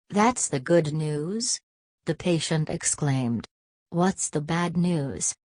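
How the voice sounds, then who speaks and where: A woman with a low, unhurried voice reads out a long string of dark jokes. The quoted lines come in her same even voice. The sound is dry and close, with no room around it. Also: no echo. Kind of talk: reading a list of dark jokes.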